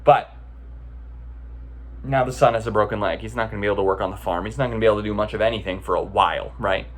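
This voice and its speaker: A man's voice: on the low side, fast. A man giving a casual, conversational talk as a meditation teacher, often checking in with the listeners as he tells a story.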